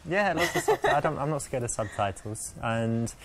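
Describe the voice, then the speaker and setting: A man playing a smooth-talking dating-game seducer, gushing with exaggerated praise in acted game dialogue. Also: medium pitch, very animated, fairly quick, a crowd in the background, close to an everyday voice. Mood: rambling. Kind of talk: acted full-motion video game dialogue.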